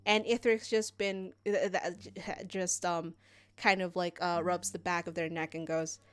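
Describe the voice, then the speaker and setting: Halting woman narrating a tabletop game. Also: lowish voice, steady tone, a bit bright, clear, resonant tone, no room sound. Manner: halting, with many fillers. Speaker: game master and variety streamer.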